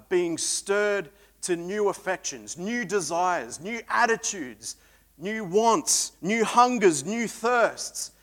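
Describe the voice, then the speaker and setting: A man preaching a sermon, swinging between loud emphatic peaks and quiet reflective stretches. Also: high-pitched.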